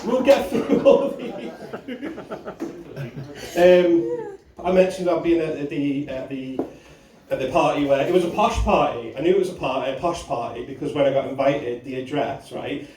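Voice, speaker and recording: A man's voice: fairly high pitch, sing-song, moderate pace. A man doing a stand-up comedy set in a bar club, brash and sweary, working the crowd. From England. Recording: roomy club sound, audience laughter, mic at a distance. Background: audience laughing.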